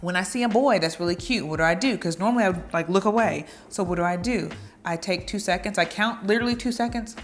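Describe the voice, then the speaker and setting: A woman's voice: medium pitch, fast talker, slight background noise. Playful chatty woman giving dating advice. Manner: chatty and playful, acting out little flirty quotes. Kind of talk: casual advice talk to camera.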